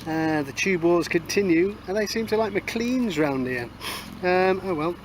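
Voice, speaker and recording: Out in a field with a metal detector, a man keeps up a casual, cheeky running commentary, chatty and full of asides, often saying "moving on." His voice sits high and is expressive, at a measured pace, with outdoor noise behind him.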